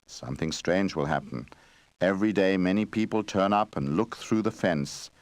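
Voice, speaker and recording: A man voicing an old wandering bear who speaks loudly and earnestly in a storybook game. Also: low voice, normal speed, no room sound, lightly acted. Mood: urgent. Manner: loud, urgent speech.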